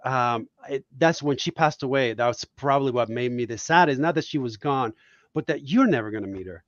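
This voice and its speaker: A man's voice: mid-range voice, brisk, no room sound, highs cut off. A man from Puerto Rico, a guest cartoonist, telling reflective, heartfelt stories in a casual podcast chat.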